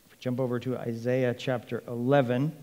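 A man preaching a sermon as pastor, animated, acting out the voices of the people he quotes. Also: mid-range voice, a little fast. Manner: animated, acts out quoted speech. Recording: long reverb of a large hall.

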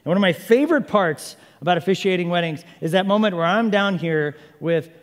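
Man, pastor, sermon, animated joking delivery, fairly high voice, long church reverb. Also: brisk.

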